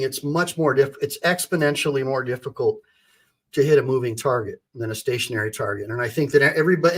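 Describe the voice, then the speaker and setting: A man hosting a livestream as an attorney, giving emphatic, indignant commentary and calling on his chat for reactions. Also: mid-range voice.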